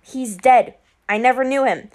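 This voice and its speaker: A woman's voice: high voice, a little slow, a little mellow. A woman voicing a frustrated twelve-year-old boy who sounds whiny and indignant in an audiobook. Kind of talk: audiobook character voice.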